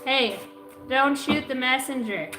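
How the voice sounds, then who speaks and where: A woman's voice: high-pitched, measured pace, reverberant, loud music behind the voice, rough recording. A woman giving a zodiac card reading on a livestream, cursing a lot and rambling from joke to joke. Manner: profane, rambling and jokey. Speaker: astrology card reader.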